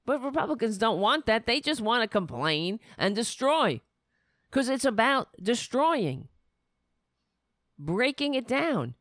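A woman's voice: on the high side, no room sound, studio quality. A woman hosting a political commentary show, delivering an indignant, sarcastic monologue. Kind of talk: opinionated monologue.

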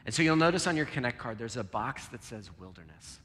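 A man preaching a sermon and leading a closing prayer, earnest, moving between loud emphasis and a soft near-whisper. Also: mid-range voice, animated, fast talker. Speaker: pastor. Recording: long reverb, soft guitar behind.

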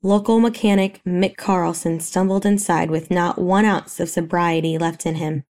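A woman narrating a romance story in a steady, even reading voice. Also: lowish voice, normal speed.

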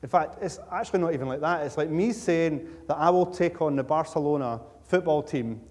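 Guy preaching, chatty and jokey, kinda high mellow voice, big echoey church. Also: fairly quick. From Scotland. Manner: conversational, jokey storytelling with emphatic repetition. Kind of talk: sermon. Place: church sanctuary. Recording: church hall with long reverb.

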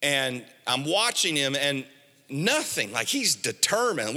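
A man's voice: medium pitch, very animated, slow, pushed and bright. A man preaching a sermon as pastor, emphatic and storytelling, repeating his key phrases. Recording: echoey hall.

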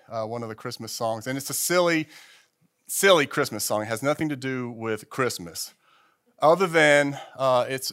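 A man in his fifties preaching a sermon to a church congregation in a loose, conversational way, with frequent restarts. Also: medium pitch. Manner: conversational, animated, with repeated restarts. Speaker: pastor.

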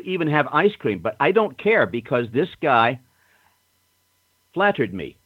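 An older man telling stories in a casual interview, self-assured and animated, acting out other people's lines. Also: on the low side, no room sound. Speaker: guest storyteller. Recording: muffled phone-line audio.

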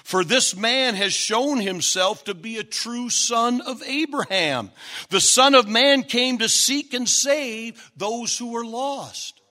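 Male preacher, high voice, unhurried sermon delivery, emphatic with shouted peaks. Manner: emphatic, rising to shouts at key points; repetitive, stacked phrases.

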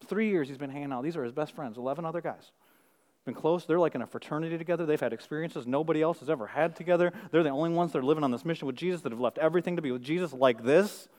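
A middle-aged male pastor preaching a sermon, firing rhetorical questions and swinging from hushed, intimate moments to loud emphasis. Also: on the high side, rapid-fire, big-room sound.

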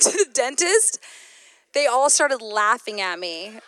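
A woman giving a sermon, mixing a personal story with scripture, animated and laughing often. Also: fairly high pitch, slow, no room sound. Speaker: women's ministry speaker.

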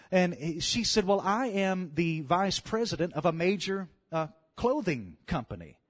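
Southern preacher, man, tenor range, animated sermon delivery. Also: sits high, measured pace, hardly any pauses. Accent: Louisiana Southern US. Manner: animated, swells to loud calls of "come on" and "amen".

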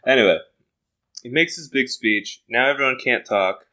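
A man's voice: mid-range voice, normal speed, sharp tone. A man brainstorming a story in casual chat, playful and laughing often.

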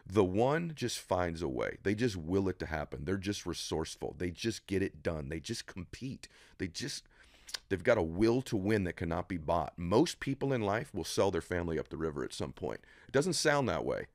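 Middle-aged man, very low voice, dry close mic, emphatic preacherly guest building intensity. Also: very animated, normal speed, no room sound. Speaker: podcast guest. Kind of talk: motivational interview talk. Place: studio room.

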